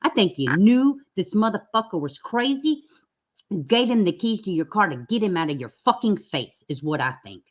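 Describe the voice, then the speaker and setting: A woman's voice: medium pitch, sing-song, normal speed. A woman hosting a reaction commentary channel, blunt and indignant, swearing freely as she reacts to clips.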